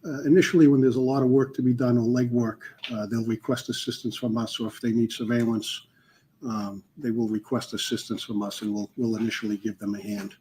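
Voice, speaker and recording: A man's voice: mid-range voice, little pitch movement, fairly quick, darkish tone, slight background noise. Terse Boston-accented man on the stand. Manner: brief, plain answers. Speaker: police witness testifying in court. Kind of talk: courtroom testimony.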